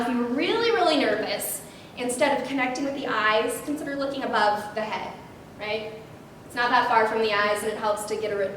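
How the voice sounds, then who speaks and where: A woman presenting a public speaking workshop, lively and animated, often checking in with "right?". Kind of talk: instructional workshop talk. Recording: very echoey room, distant mic, faint rumble.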